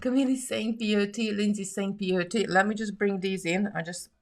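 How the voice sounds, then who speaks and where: A woman's voice: mid-range voice, fairly even intonation, normal speed. A woman hosting a live jewellery-making stream, chatting casually, reading viewer comments aloud and laughing often.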